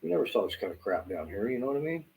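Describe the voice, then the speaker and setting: A middle-aged Southern-accented man from Southwest Florida rambles on camera, meandering, cursing freely and using many fillers. His mid-range voice swings widely in pitch, runs very fast, and is a little mellow with vocal fry. The poor audio has faint background noise.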